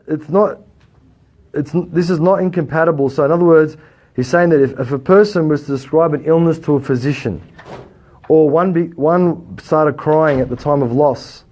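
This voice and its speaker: A medium-pitched man with an Australian accent teaches a religious lesson, lively and full of rhetorical questions. His voice rises loud and then drops quiet, captured on a dull lo-fi recording.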